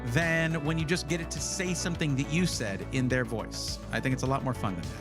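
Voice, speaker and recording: A man's voice: medium pitch, a little fast, music in the background. A man hosting a casual livestream, chatty and rambling, often correcting himself as he talks. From United States. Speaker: livestream host.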